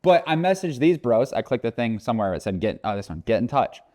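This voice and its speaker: A man's voice: medium pitch, very animated, fast, a little mellow. Rambling, swearing man vlogging. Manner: joking, profane, rambling. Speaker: car vlogger. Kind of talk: casual vlog talk.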